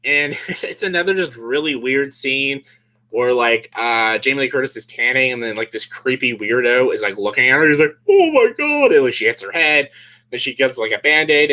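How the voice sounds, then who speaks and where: Animated sarcastic young man ranting. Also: medium pitch. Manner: sarcastic, fills speech with "like", laughs often. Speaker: movie reviewer vlogger. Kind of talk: casual comedic movie rant.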